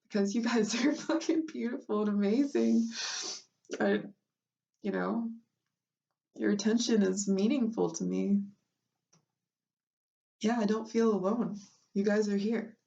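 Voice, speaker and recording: Tearful, casual-swearing woman streaming live, gravelly, heard from a little off the phone mic. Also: mid-range voice, a little slow, long pauses, dark tone, distant mic, highs cut off. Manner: emotional, laughing through tears, swears casually. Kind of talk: unplanned live stream chat.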